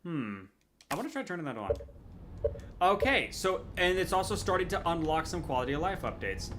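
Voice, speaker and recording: A man's voice: sits high, very animated, fairly quick. A man casually commenting as he plays a game on stream, chatty and jokey. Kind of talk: casual let's-play commentary. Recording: loud background noise.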